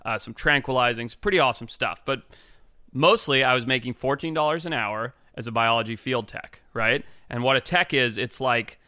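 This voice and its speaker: A man's voice: medium pitch, moderate pace, sharp tone, no echo, clean studio sound. A man from Africa, a wildlife biologist, telling stories as a podcast guest in a laid-back way, swearing and acting out quotes. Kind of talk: casual storytelling chat.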